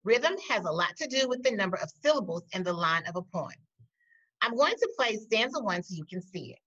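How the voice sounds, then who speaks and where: Teacher, woman, slow deliberate classroom delivery, lively pitch, muffled recording. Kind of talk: recorded poetry lesson. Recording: dull lo-fi audio.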